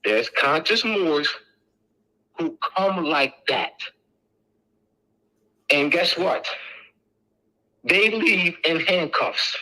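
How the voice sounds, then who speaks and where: A man's voice: fairly high pitch, lively intonation, very slow, pauses often, sharp tone, low-quality recording. A middle-aged man giving an informal lecture to an audience, emphatic and repetitive as he drills each point home.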